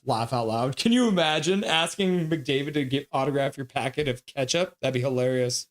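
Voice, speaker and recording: With a medium pitch and few pauses, a man casually calls hockey play-by-play on a stream at moderate speed. He chats easily, reads messages from chat aloud and laughs a lot.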